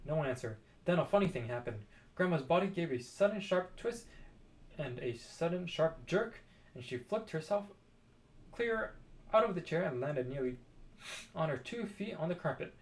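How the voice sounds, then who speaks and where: Expressive man reading a storybook. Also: a little high, normal speed. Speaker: storybook reader. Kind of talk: children's book read-aloud.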